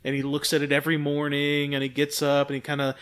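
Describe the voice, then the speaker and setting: A man's voice: a little high, fast talker, clear, resonant tone. A man co-hosting a movie podcast, retelling a film in a rambling, profane, casual way. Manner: rambling, profane, animated retelling with quoted voices. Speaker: podcast co-host. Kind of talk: casual movie review chat.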